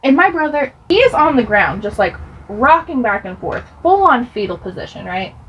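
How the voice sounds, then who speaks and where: A woman's voice: a little high, sing-song, moderate pace, fairly bright tone, husky, muffled recording. A young woman chatting through a get-ready-with-me storytime as she does her makeup, rambling with laughs and asides. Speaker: beauty vlogger.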